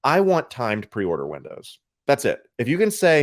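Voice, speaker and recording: An opinionated man chats casually on a podcast with a mid-pitched voice. His intonation swings widely up and down, and the sound is dry and close. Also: wildly swooping pitch, moderate pace, few pauses, no echo. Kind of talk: casual chat.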